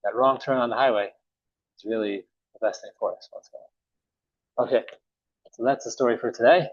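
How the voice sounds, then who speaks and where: A man teaching a morning Talmud class, telling a story casually with many pauses and restarts. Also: medium pitch, no room sound. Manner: relaxed, halting, many uhs and restarts. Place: synagogue or study room. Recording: dull, dry recording.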